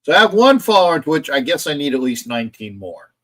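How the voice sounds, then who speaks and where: A man's voice: a little high, very animated, fast, a bit bright. Rambling man streaming football talk. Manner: rambling, reads chat aloud and argues with it. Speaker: sports streamer. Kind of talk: casual live stream chat. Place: indoor home streaming setup.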